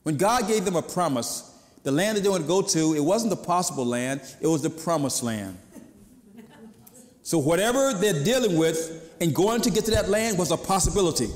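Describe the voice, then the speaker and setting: Here a pastor gives a relaxed, chatty sermon in a voice a touch high for a man, carried by the long reverberation of the church. His delivery is expressive and moderately paced, and he sometimes takes on the voices of those he's quoting.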